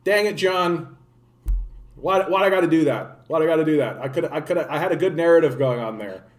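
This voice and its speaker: A man with a slightly raised pitch chats his way through political commentary on a livestream. He rambles, swears casually and keeps restarting his sentences, with "like" scattered through everything. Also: brisk. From Canada. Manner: rambling, profane, many "like" fillers and restarts. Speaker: political streamer.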